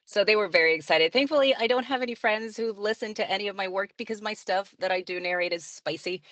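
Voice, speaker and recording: A woman's voice: medium pitch, fast talker, fairly bright tone, no echo. Chatty woman narrator, dry sound. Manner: chatty, laughs often, many fillers. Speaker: audiobook narrator and librarian. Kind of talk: casual interview answers.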